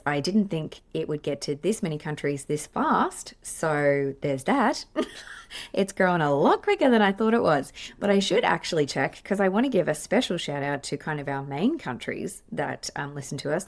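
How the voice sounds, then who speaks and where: A woman in her forties with an Australian accent hosts her own podcast, talking on her own in a chatty, effusive, rambling way. She is a play therapist, and her deep voice swings widely in pitch at a normal speed. It's recorded on a podcast microphone.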